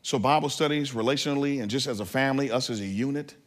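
A man preaching as a pastor, telling a family story with lively asides to the congregation. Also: mid-range voice, fast. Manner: animated, acts out family scenes. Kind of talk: sermon.

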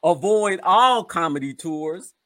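A man's voice: fairly high pitch, animated, slow pace, pushed and bright. A man hosting a comedy podcast, chatting casually and egging on his guest. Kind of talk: casual improv chat.

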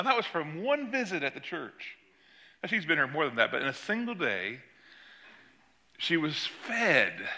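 An older man, a pastor, preaching a sermon and telling a story about his granddaughter. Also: bright, forceful tone. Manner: storytelling, acts out quoted voices with rising pitch.

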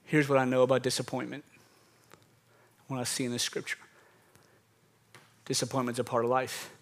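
A man preaching a sermon in an emphatic, conversational way, drawing out phrases and dropping to a hush. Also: mid-range voice, flat delivery, moderate pace.

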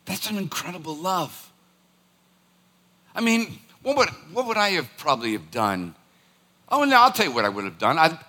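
A man preaching a sermon, telling stories in an animated, conversational way. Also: a little high. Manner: animated storytelling, acts out scolding his dog.

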